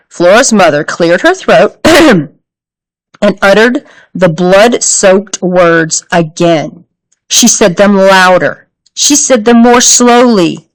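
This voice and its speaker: Female storybook reader, unhurried and expressive, animated pitch. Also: poor audio. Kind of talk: reading a children's novel aloud.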